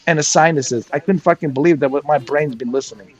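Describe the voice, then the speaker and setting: A man's voice: fairly high pitch, fast talker, low-quality recording. A man ranting crudely and mocking someone in casual chat, laughing often as he goes. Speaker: gaming streamer.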